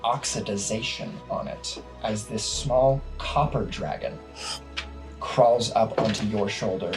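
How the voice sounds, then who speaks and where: A man narrating a tabletop game as game master, slow and relaxed with frequent fillers. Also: lowish voice, music in the background, poor audio.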